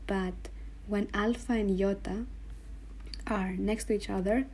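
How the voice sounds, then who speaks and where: Woman, language teacher, slow and patient, mellow tone, faint room noise behind. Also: medium pitch, steady tone. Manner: slow, patient, spells out sounds and repeats them. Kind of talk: explaining letters on a board.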